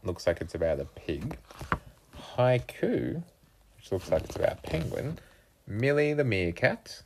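A woman reading picture books aloud to her young child at home in a playful, animated way. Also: very deep voice, unhurried, gravelly, a little hiss or hum.

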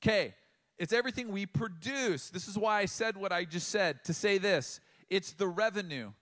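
A middle-aged man giving a sermon in a conversational way, with emphatic pauses and frequent restarts. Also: high-pitched, a bit bright. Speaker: pastor.

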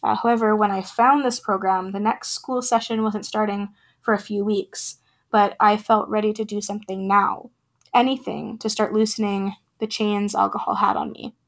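Sick, raspy-voiced woman podcast host. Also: medium pitch, level tone, normal speed. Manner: earnest, frequent "uh" fillers. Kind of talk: casual podcast talk and poetry reading.

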